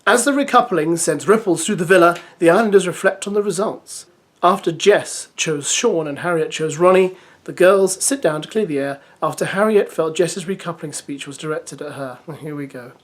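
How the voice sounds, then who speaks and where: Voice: medium pitch, normal speed. A reality TV recap host reading a press release aloud and giving casual, opinionated commentary.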